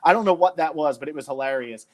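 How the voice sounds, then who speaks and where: Young man from New Jersey, podcast co-host, chatty and rambling, voice sits a bit high. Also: fast talker. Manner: rambling, enthusiastic, lots of fillers. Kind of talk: casual podcast chat.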